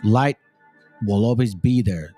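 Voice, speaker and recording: A man's voice: fairly low pitch, slow, mellow, faint music behind. A man hosting a channel, giving blunt, preachy commentary on video clips, swearing freely and reading scripture aloud in a stately cadence.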